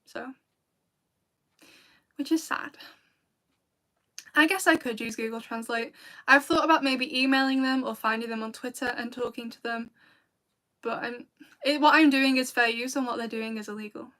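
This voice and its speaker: A woman's voice: fairly high pitch, fairly even intonation, moderate pace, long pauses, a bit bright. A British woman chatting casually with viewers on a livestream, rambling and laughing often. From Britain. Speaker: video creator and streamer.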